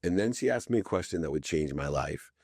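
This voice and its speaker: Deep-voiced man telling stories as a podcast guest. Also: fairly quick, gravelly, slightly rough, no echo, studio quality. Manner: lively storyteller who acts out quoted dialogue. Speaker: podcast guest, entrepreneur and speaker. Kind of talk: casual interview storytelling.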